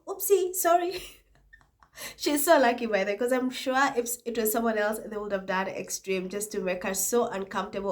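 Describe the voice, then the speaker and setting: Nursing a cold, this young woman runs a casual vlog where she reads out viewer comments between bursts of laughter and mocking side remarks. She speaks at a medium pitch.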